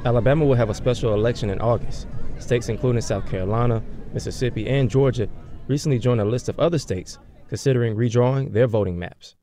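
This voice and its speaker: A male field reporter reading a scripted news report in a brisk, clipped way. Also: mid-range voice, mellow. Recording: crowd noise from outdoor rally.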